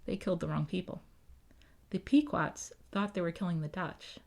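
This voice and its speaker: A woman's voice: on the low side, moderate pace, gravelly. A woman who works as a town historian, telling history in a casual podcast interview and often checking in with "right?". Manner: lively, acts out quoted voices, often adds "right?".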